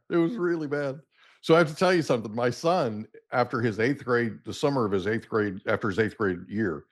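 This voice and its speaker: A middle-aged man hosting a podcast, telling a long story in a casual, animated way and acting out the dialogue. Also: lowish voice. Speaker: podcast host.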